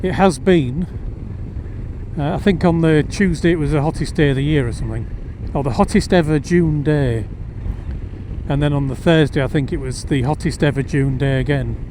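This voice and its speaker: A motorcycle vlogger with a fairly high voice talks at a normal speed while riding on outdoor roads, recording through his helmet mic. He chats wryly and rambles into asides as casual ride commentary. Road and engine noise sit clearly in the background.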